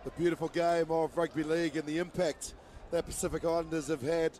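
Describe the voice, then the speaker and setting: A man giving live play-by-play commentary on a rugby match, excited and rising to shouts on attacking plays. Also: fairly high pitch, brisk. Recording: broadcast with loud crowd noise.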